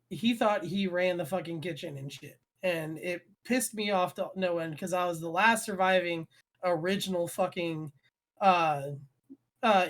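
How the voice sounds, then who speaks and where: A man's voice: high voice, fairly bright tone. A young man telling a profane, heated story about his chef days on a casual podcast. He swears constantly and speeds up as he builds to the punchline. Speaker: podcast co-host, former chef. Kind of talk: casual chat.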